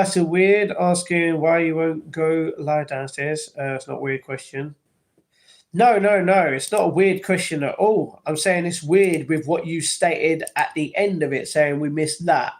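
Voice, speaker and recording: A chatty man hosting a casual livestream from his home, reading out and answering his viewers' messages as they come in. His voice sits a little higher than most men's, and he slips into a mildly defensive, explaining tone when he talks back to the chat. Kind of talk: casual live-stream chat.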